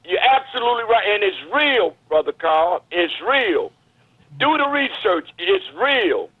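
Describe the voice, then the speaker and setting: A man calls in to the show over a thin, tinny phone line. His voice sits high, and he preaches his views in an urgent, emphatic way. The sound is dry and close. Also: big pitch swings, measured pace, no echo. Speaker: caller. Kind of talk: impassioned call-in commentary.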